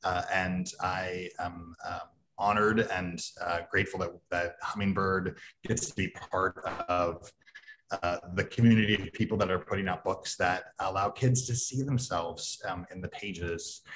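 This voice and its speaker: Man, event host, lowish voice, halting speech with many fillers, casual remarks. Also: fairly even intonation, fairly bright tone, slight background noise. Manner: halting, many ums and uhs.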